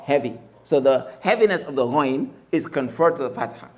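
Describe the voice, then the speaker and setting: A man teaching Arabic letters in a mosque class, slowly drilling each sound and repeating the spelling emphatically. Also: medium pitch, animated. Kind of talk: classroom lesson.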